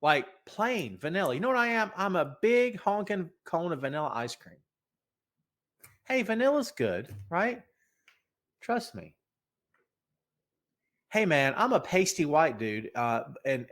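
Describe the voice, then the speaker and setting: A man's voice: a little high, a bit bright. A middle-aged man hosting a wrestling podcast, rambling and joking in casual chat while fighting a head cold. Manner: rambling, joking, talks to a co-host. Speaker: podcast host.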